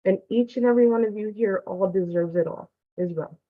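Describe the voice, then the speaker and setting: A woman's voice: medium pitch, a little fast, no echo. A woman member sharing a heartfelt testimonial on a group call, earnest and close to tears. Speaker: student member of the community. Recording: dry, tinny phone-like line.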